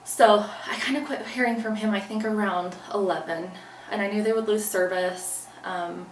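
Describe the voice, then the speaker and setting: A woman with a medium-pitched voice speaks at normal speed as an interview guest, earnestly recounting a personal story and acting out her own past lines. The audio is roomy, with a distant mic and faint background noise.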